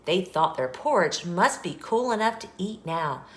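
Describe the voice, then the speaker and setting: A woman hosting a children's channel, reading a picture book aloud with slow, expressive storytelling. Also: on the low side. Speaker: children's story reader and host. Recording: echoey room.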